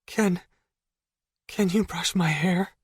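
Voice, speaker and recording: A man's voice: high-pitched, slow pace, breathy edge, no room sound, voice pushed up, exaggerated voice. A young woman on the edge of tears, her voice breaking as she speaks, put on by a male narrator. It rises far above his usual register, recorded close and dry. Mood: pleading. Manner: shouting through tears, voice cracking. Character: tearful young woman, hurt and defiant.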